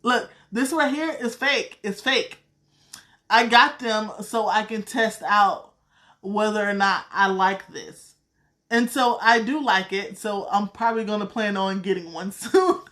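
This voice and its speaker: A woman's voice: medium pitch, unhurried, fairly bright tone. Blunt Southern woman reading tarot. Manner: blunt and profane, calls viewers sweetheart. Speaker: tarot card reader. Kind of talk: casual live-stream chat.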